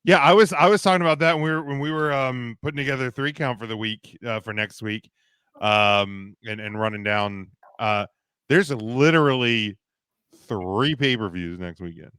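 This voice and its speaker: A man co-hosting a casual talk show, his voice smooth and resonant, recorded close and dry with no room around it. He talks in long, opinionated runs, restarting his sentences as he goes. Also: medium pitch, moderate pace, pushed and bright, dry recording. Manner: rambling, full of restarts and fillers, opinionated. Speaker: podcast co-host. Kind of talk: casual wrestling podcast chat.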